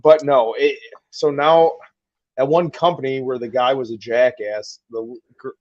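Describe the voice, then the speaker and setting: Profane, animated man telling a story. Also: mid-range voice, normal speed, lo-fi sound. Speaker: co-host of a collectors live stream. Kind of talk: casual livestream chat.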